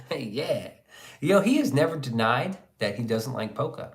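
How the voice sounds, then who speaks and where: A man with a mid-range, sing-song voice and a fairly bright tone speaks slowly while hosting a livestream. He chats casually, reads out viewer comments and makes crude jokes in rambling banter.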